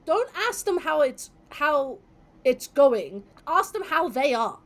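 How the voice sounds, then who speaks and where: Woman host, high and bright-toned, chatty storyteller with salty language. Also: takes it slowly. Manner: lively storyteller who swears freely. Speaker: podcast host. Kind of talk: casual chat.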